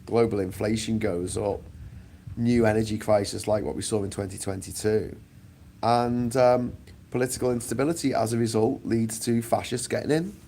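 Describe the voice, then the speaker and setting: Gravelly, blunt British man ranting outdoors. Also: on the low side, steady tone, normal speed, mellow, a little hiss or hum. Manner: blunt and profane, sarcastic asides. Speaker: vlogger. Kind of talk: casual opinion rant. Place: outdoors on a sunny island.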